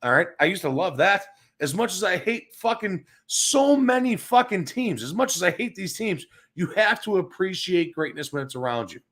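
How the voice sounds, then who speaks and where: A man's voice: high voice, sing-song, normal speed, fairly bright tone. A man hosting a sports talk livestream, ranting with heavy swearing, repeating himself and reading out viewer comments. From Chicago area. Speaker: sports talk show host. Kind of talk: profane livestream sports rant.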